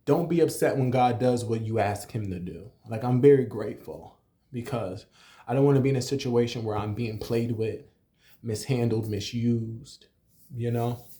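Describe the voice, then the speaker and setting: A man's voice: mid-range voice, moderate pace, mellow. A young adult man who works as a cook, casually telling a personal story in a conversational way, with many "you know" fillers. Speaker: restaurant cook.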